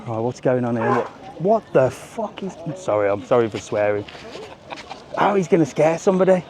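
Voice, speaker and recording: A man's voice: mid-range voice, sing-song, moderate pace. A man live-streaming a walking tour, talking casually and joking, with the odd swear word. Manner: chatty, jokey, swears casually. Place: outdoors on a busy resort seafront. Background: faint street and traffic noise.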